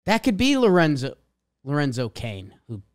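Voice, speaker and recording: A man's voice: fairly high pitch, wildly swooping pitch, moderate pace. A man with a Boston accent co-hosting a casual sports podcast, reading out stat lines with emphatic swings. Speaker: podcast co-host.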